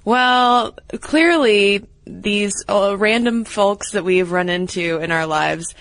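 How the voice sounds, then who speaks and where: A woman's voice: medium pitch, slow pace, a bit bright. A woman co-hosting a podcast, chatting casually and telling stories with small hesitations. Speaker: podcast co-host. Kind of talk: casual chat.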